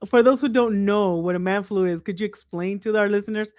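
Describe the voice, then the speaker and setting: A woman's voice: medium pitch, brisk, a little mellow, no echo, studio quality. A woman with a Texan accent hosting a podcast in casual chat, upbeat and welcoming, laughing often. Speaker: podcast host.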